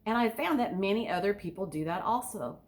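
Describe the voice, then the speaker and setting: A woman's voice: mid-range voice, a little fast. An enthusiastic woman giving an instructional talk as a speaking coach, asking her listeners direct questions. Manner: enthusiastic, sometimes overly excited.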